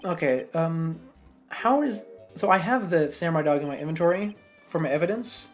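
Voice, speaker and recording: A woman's voice: low-pitched, moderate pace, soft background music. A woman streaming a game, chatting in rambling, self-correcting asides. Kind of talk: casual game commentary.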